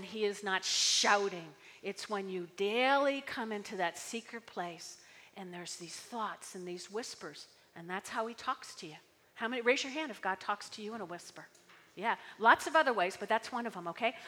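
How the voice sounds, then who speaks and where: A woman pastor preaching a sermon, animated and full of call-and-response, often checking in with "okay?". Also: fairly high pitch, big-room sound. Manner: animated, repeating key words, frequent "okay?".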